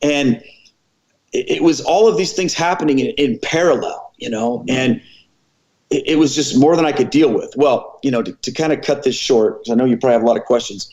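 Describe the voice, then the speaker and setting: A man in his forties, a former pastor and podcast guest, telling his conversion story in an earnest, animated way with quoted dialogue. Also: mid-range voice, muffled recording. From American Midwest.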